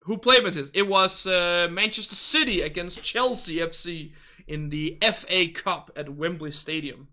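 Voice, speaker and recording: A young man, chatting casually with his livestream viewers. He rambles and hedges politely, often searching for words. His voice sits a bit high with a bright, forceful tone. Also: normal speed. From Denmark. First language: Danish. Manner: rambling, hesitant, polite hedging. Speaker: game livestreamer.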